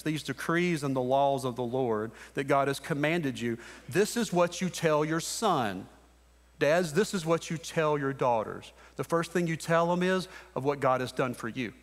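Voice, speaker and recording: Long reverb fills the church sanctuary as a mid-range-voiced pastor in his thirties preaches earnestly from the pulpit. He urges his listeners on, pressing each point by repeating brief phrases.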